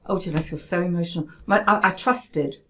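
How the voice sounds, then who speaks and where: A woman hosting a casual conversation, telling a personal story in an animated way with many restarts, at home. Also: lowish voice, brisk, low-quality recording. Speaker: host. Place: home in Spain.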